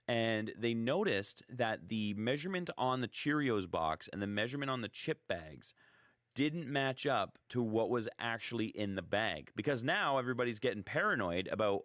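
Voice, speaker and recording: A man's voice: lowish voice, a bit bright, no room sound, clean studio sound. A man hosting a radio show in a casual, chatty, rambling way, joking at his own expense. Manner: chatty, rambling, self-deprecating. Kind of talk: casual talk radio chat.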